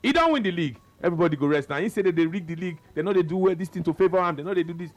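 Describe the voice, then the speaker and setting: A man's voice: sits high, lively intonation, very fast. A man with a Nigerian English accent hosting a casual sports radio talk show, teasing his co-host and stretching his words with frequent fillers.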